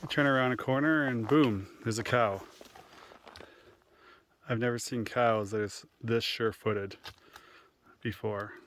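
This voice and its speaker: A man's voice: mid-range voice, measured pace, long pauses, a little hiss or hum. Man vlogging on a mountain trail. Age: 30s. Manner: relaxed, chatty, with frequent ums and uhs. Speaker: solo hiker vlogging. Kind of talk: casual outdoor vlog narration.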